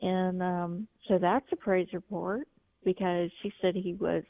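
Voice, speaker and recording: A woman's voice: fairly low pitch, fairly even intonation, a little slow, no room sound. A woman caller telling a story on a phone line, rambling, with frequent restarts. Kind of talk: call-in testimony. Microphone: telephone. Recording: tinny phone line, dry.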